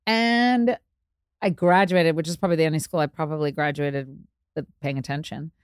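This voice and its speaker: A woman's voice: steady tone, moderate pace, smooth, no room sound, clean studio sound. Chatty woman telling stories. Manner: chatty, self-deprecating, acts out quotes with big pitch jumps. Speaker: DJ and interview guest. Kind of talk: candid storytelling interview.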